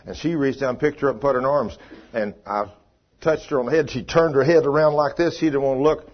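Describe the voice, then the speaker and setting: An older man preaching a sermon in a folksy storytelling way, dropping low for commands. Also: brisk. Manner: folksy, drops into low hushed commands when quoting himself. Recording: dull lo-fi recording.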